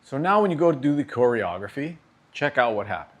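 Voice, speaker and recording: Guy giving a drum lesson, middle-pitched voice, a bit of hiss behind him. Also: big pitch swings, fairly quick. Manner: patient, explanatory, frequent "okay?" check-ins. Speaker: drum teacher. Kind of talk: instructional demonstration.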